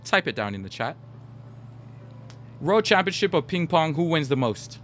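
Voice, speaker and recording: A man's voice: fairly high pitch, sing-song, normal speed, a bit bright, faint music behind. A young man chatting casually with his stream viewers, telling stories and talking straight to the chat. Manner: chatty, storytelling, talks to chat. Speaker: gaming livestreamer.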